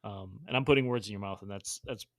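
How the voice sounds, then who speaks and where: Fast-talking male podcast host, lowish voice. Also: a bit bright, no echo, clean studio sound. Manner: earnest, stumbling over repeated words. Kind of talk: podcast interview.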